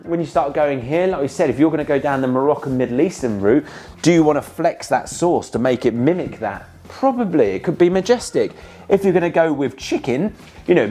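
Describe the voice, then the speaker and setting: A man's voice: medium pitch, a little mellow, slightly rough. Young man, casual chatty chef, mid-range voice, drops the odd swear word. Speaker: chef teaching recipes. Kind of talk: casual cooking explanation.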